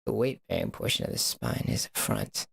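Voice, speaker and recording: Gravelly-voiced man coaching body awareness. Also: low-pitched, wildly swooping pitch, normal speed, fairly bright tone. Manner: playful, repetitive call-and-response. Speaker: host of a body-awareness stream. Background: music.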